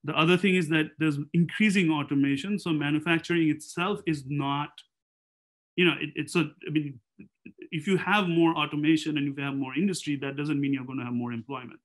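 A man's voice: on the high side, steady tone, a little fast. A man speaking as a panelist in an academic seminar, thinking aloud in a discursive way and posing rhetorical questions.

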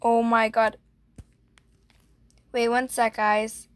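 Her voice is a little high, with little pitch movement, and she talks very slowly with no echo. This young gaming vlogger chats casually over a game, gushing, gasping and peppering her speech with "like."

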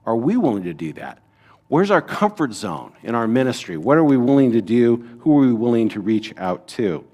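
A man's voice: medium pitch, sing-song, moderate pace, warm tone. Conversational male pastor asking rhetorical questions. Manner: conversational, rhetorical questions, frequent "right?" asides. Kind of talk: teaching a Bible lesson to a congregation.

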